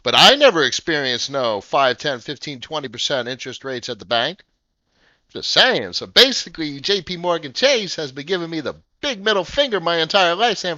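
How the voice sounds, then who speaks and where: A man in his thirties hosting a casual crypto livestream, brash, profane and excitable. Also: on the high side, normal speed, no echo, dull audio. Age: 30s.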